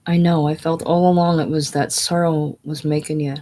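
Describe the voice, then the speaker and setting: A reader voicing a tender, protective young woman speaking gently, in a casual play reading. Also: medium pitch, flat delivery, moderate pace, slight background noise, lightly acted. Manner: gentle, soothing.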